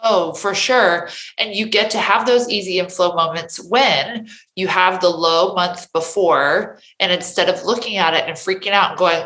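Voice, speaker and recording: A woman's voice: fairly low pitch, normal speed, a bit bright. A woman hosting a podcast in casual interview chat, chatty and often tagging her lines with "right?". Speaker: podcast host. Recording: echoey room.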